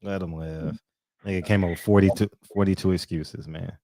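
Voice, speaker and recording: A man in his forties co-hosting a casual chat, animated and quick to laugh. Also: no room sound. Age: 40s. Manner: animated, laughs a lot, swings high and low. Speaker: co-host.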